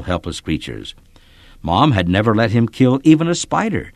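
A man reading a children's story aloud, in expressive, measured scripted narration. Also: on the low side, no echo.

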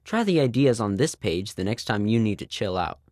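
A man's voice: lowish voice, expressive, moderate pace, a little mellow, no room sound, studio quality. A man reading a children's advice column in a reassuring, instructive way.

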